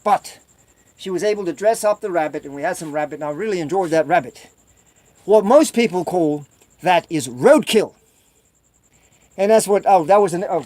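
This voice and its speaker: High, lively rambling man on a dry mic. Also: dry recording. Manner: rambling, repetitive storytelling; acts out other people's voices in a high squeal. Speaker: vlogger. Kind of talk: rambling solo video chat.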